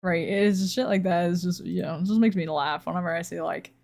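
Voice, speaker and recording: A woman's voice: lowish voice, brisk, creaky, darkish tone. A young woman streamer chatting casually, ranting in a rambling, profane way with frequent laughs.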